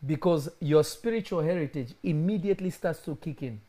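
A young male pastor delivers a lively sermon with a warm, mellow voice. He keeps it conversational and slips into other people's voices when he tells stories. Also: a little high, brisk. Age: young adult. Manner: animated preaching, acting out quoted voices.

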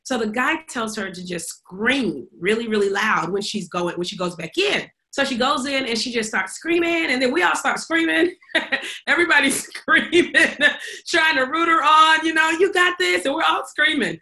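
A woman's voice: high voice, normal speed, pushed and bright. A woman co-hosting a podcast, telling a story in casual chat, acting out quotes and laughing often. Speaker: podcast co-host.

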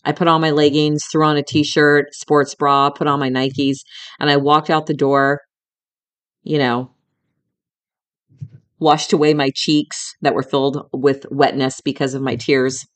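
In a deep voice with a level tone and slightly slow pace, a middle-aged woman hosts a podcast. She opens up about a personal story, emotional and frank, with occasional swearing, speaking right to the listener as a friend.

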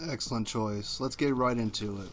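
A man's voice: on the low side, fairly even intonation, moderate pace, a bit bright, a little hiss or hum. A man co-hosting a sports podcast in casual, playful chat, often talking up his partner. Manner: playful, talks up his co-host.

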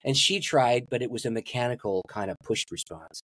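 A man's voice: mid-range voice, a little fast, fairly bright tone, no room sound, clean studio sound. A man, a pastor and guest, telling a story in an interview and laughing at his own stories.

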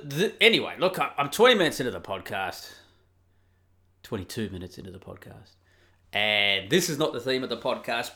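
A man's voice: medium pitch, bright, forceful tone. A middle-aged Australian man hosting a podcast, talking candidly in a rambling, casual way with restarts and swearing. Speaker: podcast host. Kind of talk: casual solo podcast monologue.

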